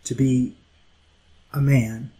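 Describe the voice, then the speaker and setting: A middle-aged man preaching an impassioned sermon, moving between loud emphasis and hushed, quiet lines. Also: mid-range voice, flat delivery, very slow, breathy edge, poor audio.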